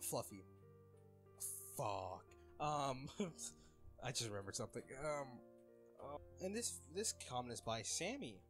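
A man's voice: medium pitch, big pitch swings, a little slow, long pauses, fairly bright tone, faint music behind. A young man reading fan comments aloud in casual chat, laughing often and getting flustered over names.

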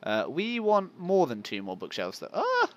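Talking to his viewers at normal speed, a gaming channel host delivers self-deprecating let's play commentary and lets out yelps at the monsters. His mid-range voice swings widely in pitch.

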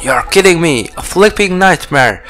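A man reading the lines of an excitable male fairy companion in a chatty, dramatic way. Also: a little high, moderate pace, soft background music, pitched above the performer's own voice. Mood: worried.

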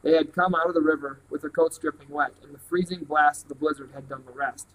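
A man's voice: on the high side, steady tone, fast, rough recording. Man reading a novel aloud. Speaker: reader.

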